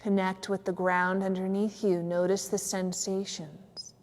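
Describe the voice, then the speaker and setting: A woman yoga teacher gently and slowly guiding a yoga nidra relaxation in a studio, with a few fillers. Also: mid-range voice, level tone, big-room sound. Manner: soft, slow, soothing guidance with some fillers. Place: yoga studio on a cold evening.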